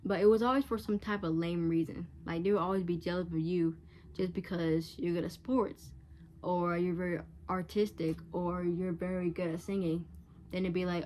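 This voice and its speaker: A woman's voice: lowish voice, fairly even intonation, moderate pace, mellow, slight background noise. A teenage girl vlogger giving frank, chatty advice straight to camera, casual and blunt. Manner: chatty, frank, acts out catty voices in quotes.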